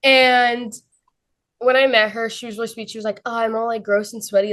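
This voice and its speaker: A young woman, a guest on an interview show, excitedly telling a story and filling her sentences with "like" and "literally". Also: on the high side, fast. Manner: breathless, fills every phrase with "like" and "literally".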